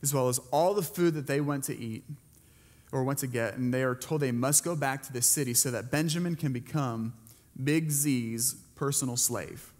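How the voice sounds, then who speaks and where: In a big-sounding room, a man's mid-range, somewhat dark voice moves at a moderate pace as he preaches a sermon to a church congregation. The pastor tells a Bible story in an easy, conversational style, asking the congregation questions along the way.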